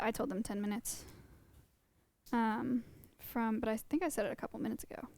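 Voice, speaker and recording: A woman's voice: on the high side, vocal fry, clean tone, no room sound. A young woman live-streaming, chatting casually with her viewers in a rambling way. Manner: chatty, rambling, laughs often. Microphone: close desk mic.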